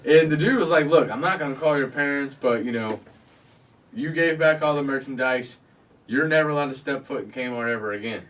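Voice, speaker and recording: A man's voice: mid-range voice, brisk, fairly bright tone, recorded from a distance. A man hosting a podcast, telling a crude story from his youth in casual chat, swearing and laughing often. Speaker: podcast host.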